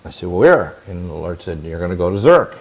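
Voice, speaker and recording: A man's voice: sits low, very animated, quick pace, darkish tone, breathy edge. A man in his sixties telling long stories in an interview, intense and rambling, with many restarts and quoted dialogue. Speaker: interview guest. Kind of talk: long-winded interview storytelling.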